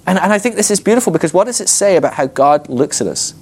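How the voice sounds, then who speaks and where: A man teaching a Bible class, telling the story with animated energy and often laughing at his own points. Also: sits high, quick pace, slightly rough. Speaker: ministry school teacher.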